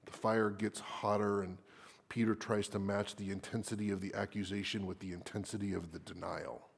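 A man preaching a sermon dramatically, at times dropping into a hushed whisper for emphasis. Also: lowish voice, flat delivery, normal speed, creaky, breathy edge.

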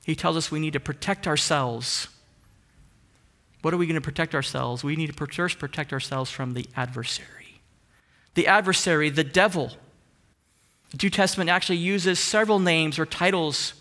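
A man preaching a sermon earnestly, asking rising emphatic questions and dropping into soft hushed asides. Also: fairly high pitch. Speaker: pastor.

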